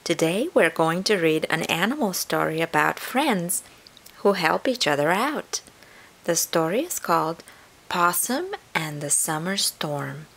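Slow, low-voiced woman reading a storybook. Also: creaky, breathy edge. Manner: warm, expressive read-aloud delivery. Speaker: storyteller for children. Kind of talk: reading a picture book aloud to children.

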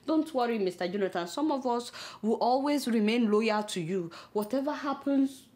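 High-voiced Nigerian woman ranting comically. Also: lively intonation, normal speed, a little mellow. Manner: exclamatory, dramatic mock outrage. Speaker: satirical news host. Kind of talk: comedic news commentary.

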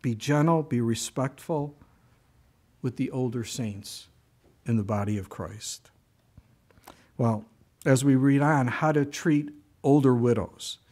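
A man's voice: mid-range voice, slow, pauses often. Conversational man preaching a sermon. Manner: conversational storytelling, animated asides. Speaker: pastor.

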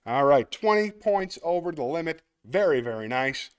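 Guy hosting a laid-back word game stream, kinda high voice, talks to himself while he plays, jokes at his own expense. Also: sing-song, normal speed, few pauses, smooth. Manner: chatty, self-mocking, thinks aloud while playing. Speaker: host. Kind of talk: casual livestream chat while playing a word game; warm heartfelt sign-off to viewers.

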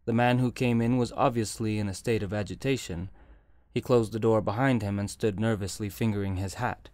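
A man reads a story aloud in a measured, scripted audiobook manner. His voice sits low and steady. The close studio recording is dry with no room sound. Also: dry recording. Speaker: audiobook narrator. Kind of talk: scripted narration.

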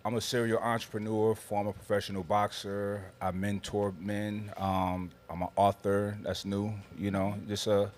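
Deep-voiced guy on a podcast, laid back, laughs easy. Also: level tone, moderate pace, few pauses, a little mellow, a little hiss or hum. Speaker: podcast guest, entrepreneur. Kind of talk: casual studio chat. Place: studio.

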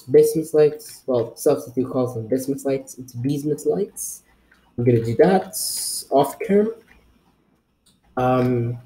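Slow, low-toned gaming guy with put-on accent. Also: dark tone. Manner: rambling, jokey, talks to viewers while playing; put-on unplaced accent for fun. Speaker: gaming video creator. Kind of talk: casual gameplay commentary.

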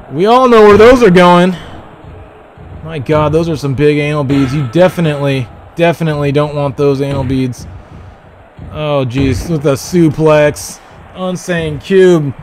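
A man hosting a livestream, giving excited, profane play-by-play wrestling commentary with loud calls. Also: fairly high pitch, a little hiss or hum. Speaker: livestream host.

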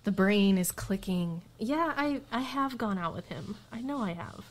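A woman guest on a podcast, chatting casually and telling lively stories, often laughing and acting out what people said. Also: medium pitch, measured pace. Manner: animated, laughs often, quotes herself and others in stories. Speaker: podcast guest and radio show host. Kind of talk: casual storytelling chat.

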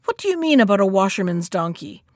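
A woman's voice: mid-range voice, sing-song, fast talker, a little mellow, no room sound, studio quality, close to an everyday voice. A woman voicing a gullible male shark who grows impatient and cross in a storybook reading.

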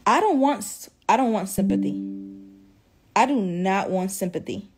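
A woman's voice: medium pitch, expressive, moderate pace, husky, soft background music. A tearful woman in a profane, repetitive vlog rant, swinging between shock and defiance after days of crying. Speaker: social media creator.

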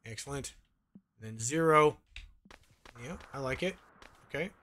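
A man's voice: medium pitch, a little slow, bright, forceful tone, slight background noise. A man playing a video game, giving a casual muttered play-by-play with the odd swear word into a desk microphone. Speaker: gaming channel host. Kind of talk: let's play commentary.

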